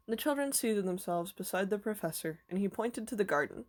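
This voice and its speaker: A woman teacher reading a children's novel aloud in a clear, even storytelling manner. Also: medium pitch, fairly quick, hardly any pauses.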